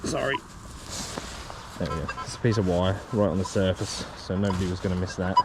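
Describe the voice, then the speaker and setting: A man's voice: sits low, a little fast, noisy background. A man talking casually as he sets up and uses a metal detector outdoors, rambling with many ums and restarts. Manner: rambling, hesitant, many ums and self-corrections. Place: open farm field outdoors.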